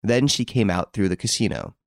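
A man narrating an audiobook in a scripted, expressive storytelling manner. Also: on the low side, fairly quick, gravelly, no echo, studio quality.

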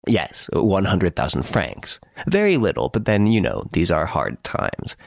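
A man voicing a suave gentleman thief who mocks the detective from his prison cell, urbane and playfully boastful. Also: deep voice, wildly swooping pitch, measured pace, vocal fry, no room sound, clean studio sound, full character voice. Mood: teasing, smug.

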